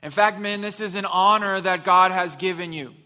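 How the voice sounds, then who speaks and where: A man's voice: high-pitched, fairly even intonation, moderate pace, bright, forceful tone. A man preaching a sermon, telling a story with humor and then driving his points home with emphasis. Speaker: pastor. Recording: long hall reverb.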